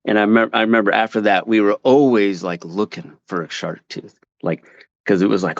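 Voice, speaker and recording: A man telling a casual story over a call from outdoors, rambling with many halting restarts. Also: lowish voice, steady tone, vocal fry, no echo, lo-fi sound. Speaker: caller sharing a story. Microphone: call audio.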